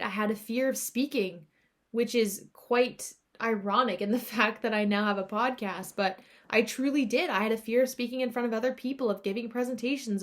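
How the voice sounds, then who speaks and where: A young adult woman hosting a podcast, talking earnestly and confessionally to her listeners. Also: a little high. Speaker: podcast host. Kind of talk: personal reflective podcast talk.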